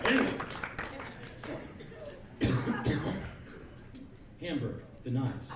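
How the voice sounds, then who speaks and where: A man tears through a sarcastic spoken word rant in a big club, his voice a touch high and sometimes erupting into shouts as he acts out the people he mocks. He sounds set back from the mic, the room is echoey, and a crowd laughs along over steady noise. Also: a little slow, pauses often, far from the mic. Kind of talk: live spoken word monologue. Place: large concert club stage.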